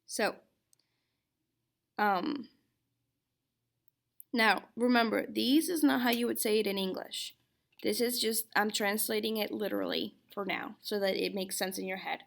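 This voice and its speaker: Patient female teacher, unhurried lecture delivery, a bit of fry in the voice. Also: mid-range voice, a bit bright. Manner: slow and patient, checks in with "okay?". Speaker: Spanish teacher. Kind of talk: recorded classroom lecture.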